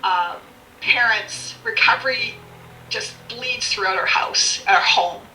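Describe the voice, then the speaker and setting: A woman's voice: a little high, takes it slowly, sharp tone, slight background noise. A middle-aged woman telling her own story bluntly and with animation, swearing freely and laughing often. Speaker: podcast guest. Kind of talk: candid personal storytelling. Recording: echoey room, distant mic, faint music.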